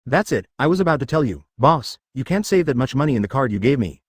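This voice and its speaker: A man's voice: mid-range voice, big pitch swings, no room sound, clean studio sound. A man voicing a brash, rich playboy inventor who talks rudely and in a hurry. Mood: eager. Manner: rude, bossy, hurried.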